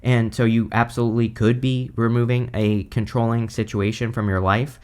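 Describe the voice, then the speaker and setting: A man's voice: mid-range voice, little pitch movement, moderate pace, a little mellow. A man giving a casual weekly tarot reading, talking loosely with lots of "uh" and "right?" asides. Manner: conversational, frequent "uh" and "right?" tags. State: has the hiccups. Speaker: tarot reader.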